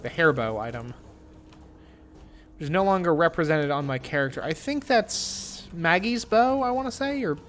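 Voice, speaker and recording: A man's voice: a little high, a bit bright, slight background noise. A man streaming a game live, chatting in a rambling way, stammering through restarts and swearing casually. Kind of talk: live gameplay commentary.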